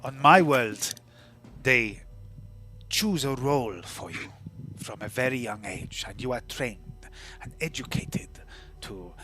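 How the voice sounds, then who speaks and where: A man voicing a scheming female arena boss through a voice changer, hushed and breathy. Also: mid-range voice, lively intonation, takes it slowly, soft background music.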